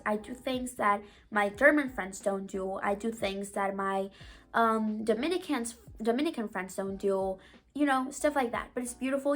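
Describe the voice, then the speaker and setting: A young woman from Mexico, a Spanish speaker, giving casual advice to her vlog viewers in an earnest, chatty way full of "like" and "you know". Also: fairly high pitch. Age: young adult. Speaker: vlogger.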